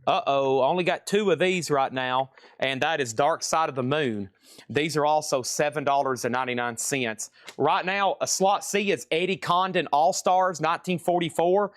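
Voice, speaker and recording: Chatty record seller, dry close sound. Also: male voice, a little high, moderate pace, no echo. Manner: chatty, jokey salesman calling out prices and buyers. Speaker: live-stream record seller. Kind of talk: live auction sales patter.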